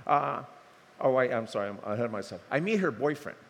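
An older man preaching a sermon, telling stories in a lively, conversational way, acting out dialogue with humor. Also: mid-range voice, a little fast. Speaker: pastor. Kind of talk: sermon storytelling. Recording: long hall reverb, faint ambience.

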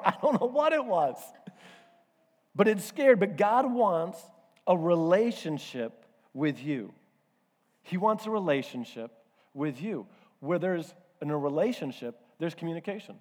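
A male pastor preaches in a loose, conversational way, slipping into stories and poking fun at himself. His voice sits a touch high for a man. A long reverb from the church hall trails every phrase. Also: darkish tone. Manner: conversational, storytelling, self-deprecating. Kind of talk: sermon.

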